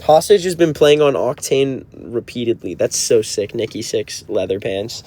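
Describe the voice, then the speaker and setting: A man's voice: medium pitch, lively intonation, normal speed, mellow. Chill 20s guy reading chat on a livestream from a car, mid voice. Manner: laid-back, answers viewer comments. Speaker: band member hosting a livestream.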